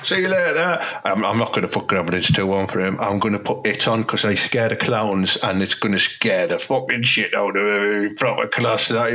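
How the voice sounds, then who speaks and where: A man's voice: on the low side, fairly bright tone. A man hosting, bantering cheekily and narrating a mock documentary. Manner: cheeky, laddish. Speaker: host.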